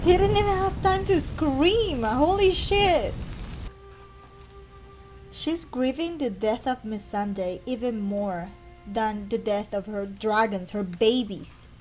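A woman with a high voice talks at an unhurried pace while she reacts to a show, swearing and calling out to the characters. Loud music from the episode plays behind her. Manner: swearing, exclaiming, talking back at the screen. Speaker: reaction video host.

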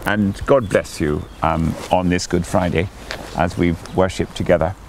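An older man, a priest leading morning prayer outdoors in a garden, talking gently and chattily with a few fillers. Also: low-pitched, steady tone, unhurried, background noise. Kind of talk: gentle devotional talk. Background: faint birdsong.

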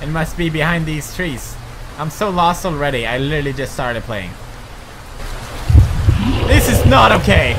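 A man's voice: on the high side, animated, moderate pace, pauses often, noisy background. A man commenting on a horror game as he plays, nervous and joking, swearing as he goes. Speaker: gaming commentator. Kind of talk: let's play commentary.

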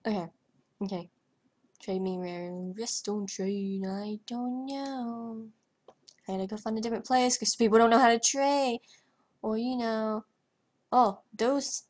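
A young woman vlogger talking over her gameplay in a hyper, rambling way, trailing off and stuttering as she goes. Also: fairly high pitch. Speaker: gaming vlogger. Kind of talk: casual commentary over gameplay.

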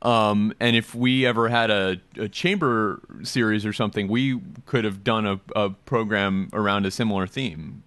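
A man's voice: fairly low pitch, steady tone, fairly bright tone, no room sound. Male podcast host, casual joking chat, dry close sound, many fillers. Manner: joking, fast, full of fillers.

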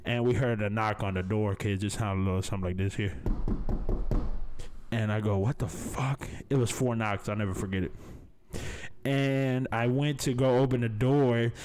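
A man's voice: fairly low pitch, steady tone, normal speed, darkish tone, a little hiss or hum. A young man, hosting a podcast and telling a story in a casual, profane, laid-back way, peppering it with "man" and "baby". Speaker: podcast host.

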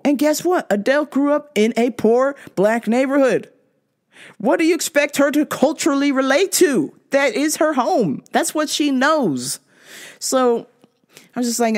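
A woman hosting a podcast, ranting bluntly and profanely in a casual monologue, often laughing. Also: fairly high pitch. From half Jamaican. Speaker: podcast host.

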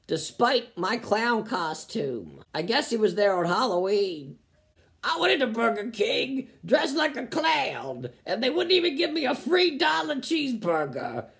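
A man reads online comments aloud in a comedy vlog and mocks each one. His voice sits fairly high and jumps around a lot. He delivers his sarcastic quips at an unhurried pace. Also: creaky. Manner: sarcastic, mocking, lively.

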